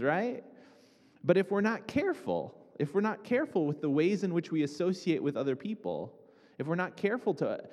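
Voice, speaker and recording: A man's voice: medium pitch, a little mellow. Conversational male pastor in a reverberant hall. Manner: conversational, asks the listeners questions often. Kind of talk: sermon.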